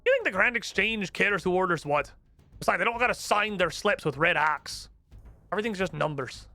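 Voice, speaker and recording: A man's voice: high voice, very animated, a little fast, pushed and bright, faint music behind, exaggerated voice. Man reading as a blunt, worldly dwarf ally.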